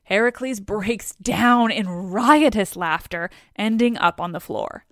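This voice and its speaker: A woman's voice: mid-range voice, slow pace, a bit bright, dry recording, clean studio sound. A woman retelling a story in a chatty, casual way with wry asides.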